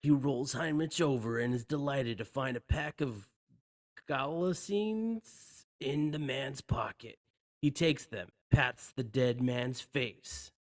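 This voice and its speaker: A man's voice: medium pitch, slow pace, dry recording, studio quality. A man co-hosting a podcast, reading screenplay action lines aloud and stumbling over words. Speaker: podcast co-host.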